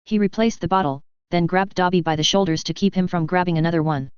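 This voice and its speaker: A woman narrating a story aloud, in a steady, even storytelling manner. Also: fairly low pitch, fast talker, clean tone, no echo. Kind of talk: audiobook reading of fan fiction. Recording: dull, slightly muffled recording.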